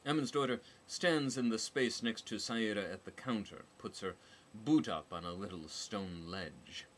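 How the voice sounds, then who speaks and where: A man's voice: fairly low pitch, measured pace, slight background noise. A man narrating a novel as an audiobook, with a dry, wry delivery.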